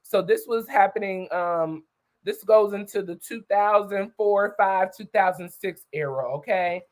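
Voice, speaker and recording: A woman's voice: medium pitch, a little slow, low-quality recording. Chatty woman retelling a story live. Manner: chatty retelling, tags lines with "okay?" and "you know"; greets viewers by name while talking. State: voice not yet warmed up. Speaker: livestream host. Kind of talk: casual livestream storytelling.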